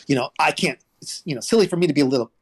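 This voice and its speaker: A man telling stories as an interview guest about his work developing products, rambling and animated, restarting sentences and jumping in pitch when he quotes people. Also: racing, slightly rough. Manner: rambling and animated, with many restarts and big pitch jumps when quoting others. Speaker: guest, former toy developer. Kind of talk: casual interview storytelling.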